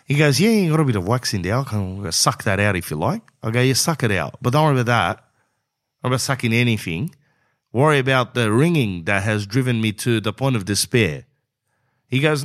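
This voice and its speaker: A man's voice: mid-range voice, expressive, fairly quick. A middle-aged man tells a rambling comic story in a casual, loose way. He drifts off on tangents and acts out the other people in the tale, throwing in "bro" all the time. His voice sits in an ordinary middle range for a man. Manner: rambling, says "bro" often, acts out both sides of dialogue. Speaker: comedian.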